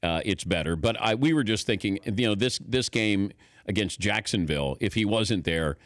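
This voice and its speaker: A man's voice: lowish voice, normal speed, a bit bright, no echo. A man hosting a radio sports show, teasing his guest playfully in casual chat. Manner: playful, teasing, laughs often.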